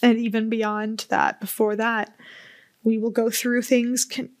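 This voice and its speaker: A woman hosting a solo podcast, talking slowly and candidly with open emotion and casual swearing. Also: a little high, little pitch movement, dry recording. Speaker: podcast host. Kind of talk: heartfelt solo podcast talk.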